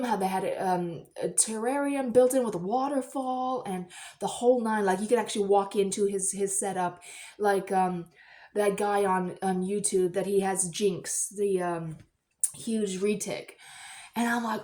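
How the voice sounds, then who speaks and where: A woman vlogger telling a personal story in a chatty, rambling way, breaking into loud excited bursts. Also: mid-range voice.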